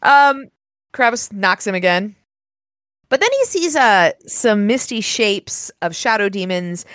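Excitable woman reading a novel aloud. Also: mid-range voice, unhurried, dry recording, studio quality. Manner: excitable, swears when surprised. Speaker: podcast host.

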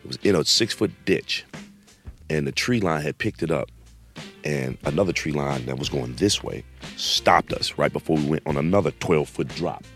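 Casting: middle-aged man, very deep voice, casual slangy storyteller, faint music bed. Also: moderate pace. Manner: animated, slangy, acts out quotes. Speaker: guest telling a story.

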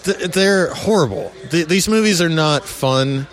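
A man's voice: on the high side, lively intonation, a little slow. A man in casual chat, blunt, sarcastic and swearing freely.

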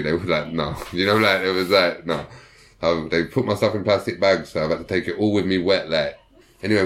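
A young man telling prison stories in casual slang, swearing and acting out the people he quotes. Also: sits low. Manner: profane, animated, acts out quoted voices. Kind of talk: casual storytelling.

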